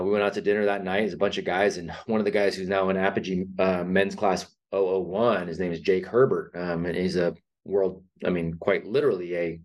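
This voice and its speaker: A man hosting a podcast, telling anecdotes in animated casual chat. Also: deep voice. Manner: animated storytelling. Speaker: podcast host.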